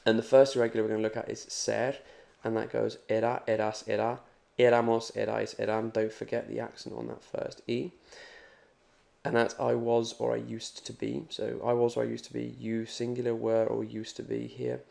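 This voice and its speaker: Gravelly upbeat man teaching. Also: mid-range voice, monotone, moderate pace, warm tone. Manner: upbeat, talks straight to the learner. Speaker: Spanish teacher. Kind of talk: recorded language lesson.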